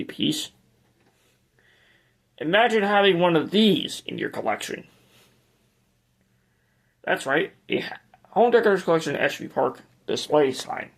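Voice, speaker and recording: Slow, halting male vlogger showing off his fan collection, mid-range voice. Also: medium pitch. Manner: hesitant and rambling, with many restarts. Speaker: ceiling fan collector and channel host. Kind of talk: casual collection tour video.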